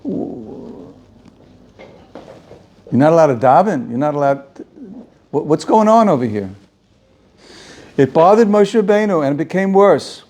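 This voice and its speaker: A man teaching a Torah class as a rabbi, animated and rhetorical, asking questions and repeating phrases for emphasis. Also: fairly high pitch, unhurried, long pauses. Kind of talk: Torah lecture to students.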